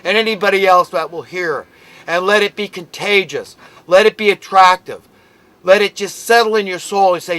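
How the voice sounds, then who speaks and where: A man's voice: high-pitched, normal speed, fairly bright tone, clean tone, no room sound, low-quality recording. An American man delivering an impassioned, ranting monologue, emphatic and preachy. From United States. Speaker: commentator.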